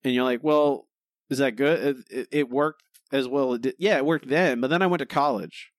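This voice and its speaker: A man's voice: medium pitch, moderate pace, no echo, clean studio sound. A man co-hosting a podcast, chatting casually and giving sardonic verdicts on an episode. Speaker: podcast co-host. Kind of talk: casual chat.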